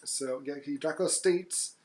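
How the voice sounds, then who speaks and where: A man co-hosting a podcast, recapping a movie plot in loose casual chat, with fillers and quick jokey asides. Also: on the high side, darkish tone. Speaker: podcast co-host.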